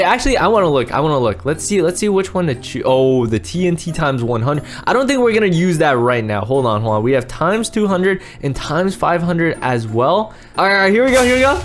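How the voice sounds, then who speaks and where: A young man narrates a video game session with wildly swinging pitch. He flips from low, offhand remarks to sudden yelling and laughing whenever something blows up. Faint music plays behind him. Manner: loud, jumpy, shouting and laughing at explosions. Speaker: gaming YouTuber. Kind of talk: excited gameplay commentary.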